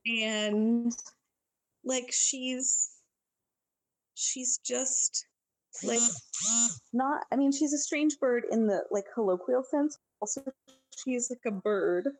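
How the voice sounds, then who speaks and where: A woman chatting casually as a podcast co-host, recapping a movie scene by scene in a lively, filler-filled way. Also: on the high side, takes it slowly, pauses often, no echo, poor audio. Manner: chatty, animated, lots of fillers.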